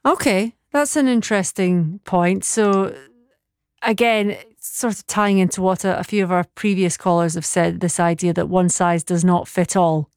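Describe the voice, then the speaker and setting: A woman hosting a live radio phone-in, brisk and polite with callers. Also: fairly low pitch, steady tone, darkish tone, clean tone, no room sound, studio quality.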